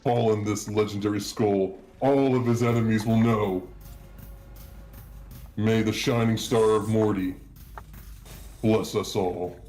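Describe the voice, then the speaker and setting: Man putting on a deep booming vengeful voice. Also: fairly even intonation, faint music behind. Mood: solemn incantation. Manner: slow, loud and threatening. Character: player character's booming menacing avenger voice. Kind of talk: tabletop role-play.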